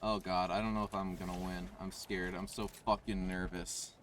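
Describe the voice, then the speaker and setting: A man's voice: low-pitched, flat delivery, normal speed, fairly bright tone. A young man streaming a game live, chatting with crude, melodramatic, self-mocking humor. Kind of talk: live gameplay stream chat. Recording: distant from the mic with faint noise.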